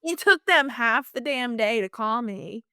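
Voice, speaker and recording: Chatty woman telling a story, clear voice. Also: a little high, a little slow, no echo, studio quality. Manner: chatty, animated, lots of fillers and restarts. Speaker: guest. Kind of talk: casual storytelling interview.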